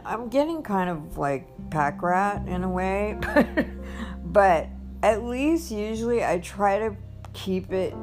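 A woman telling a personal story in a casual monologue, rambling with restarts and acting out what people said. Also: mid-range voice. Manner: rambling, with many restarts and acted-out quotes. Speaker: vlogger.

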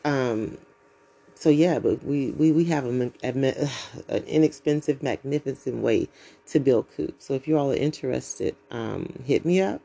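A woman's voice: a bass voice, moderate pace, gravelly, mellow, slightly rough. A woman from the United States, hosting her own podcast in a blunt, profane, preachy monologue. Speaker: podcast host.

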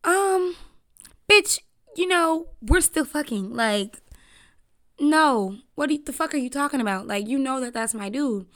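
A woman's voice: high voice, animated, measured pace. A woman voicing an indignant young woman who cusses her friend out. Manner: loud, cussing, indignant.

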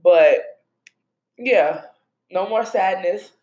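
A woman's voice: medium pitch, drawn-out words, darkish tone. Woman podcast host, casual faith talk and prayer, emotional and chatty, echoey room. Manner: conversational, emotional, addresses listeners as y'all. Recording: roomy echo.

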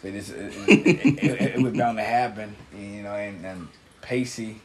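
A man co-hosting a casual TV recap chat, talking in a halting, laid-back way with slang and repeated words. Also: on the low side, steady tone, a little mellow, slight background noise. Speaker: podcast co-host.

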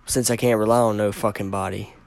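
A man's voice: fairly low pitch, steady tone, fast, creaky, a little mellow. A man hosting his podcast alone, ranting angrily with heavy swearing, agitated and stumbling over his words. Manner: angry, profane, ranting. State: agitated, stammering. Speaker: podcast host. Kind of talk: solo podcast rant.

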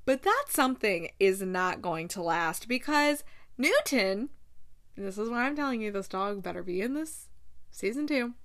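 A woman hosts a casual book-chat podcast in a bubbly, gushing way. She darts into quick asides and laughs often. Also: mid-range voice, very animated, a bit bright. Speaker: podcast host.

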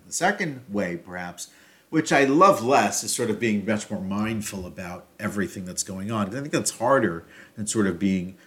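Man talking through a self-help topic. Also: on the low side. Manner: thinking aloud, loose and hesitant, many fillers and restarts, varying loudness. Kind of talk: reflective solo talk on self-help.

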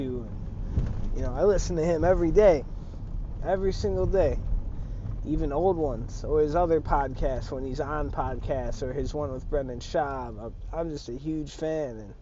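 A man's voice: mid-range voice, muffled recording, noisy background. A man hosting his own podcast alone, in a loose, slangy, profane and rambling monologue. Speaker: solo podcast host.

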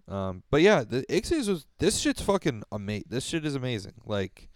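A man co-hosting a casual music podcast, talking in a rambling, profane way with lively jumps in pitch. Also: normal speed, no echo, clean studio sound. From Rochester, New York. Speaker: podcast co-host. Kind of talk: casual chat.

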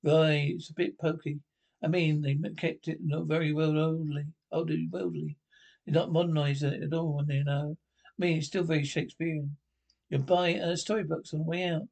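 A man's voice: fairly high pitch, level tone, fairly quick, vocal fry, a little mellow. An actor playing a chatty middle-aged holidaymaker man who rambles and keeps checking with his partner. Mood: gossipy. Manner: rambling, keeps asking Roy to confirm. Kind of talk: sketch comedy acting.

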